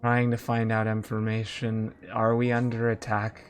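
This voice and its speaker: A man's voice: on the low side, completely flat delivery, normal speed, natural voice. A man voicing a sleepy, cold-blooded male snake man who guards a house in a tabletop game, with a drowsy, plain-spoken manner. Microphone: home mic on an online call. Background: background music.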